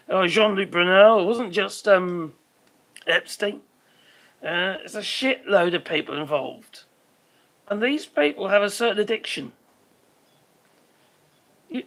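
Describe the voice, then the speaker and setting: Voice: medium pitch, fairly bright tone. A live stream host giving rambling commentary, swearing freely and trailing off while hunting for names.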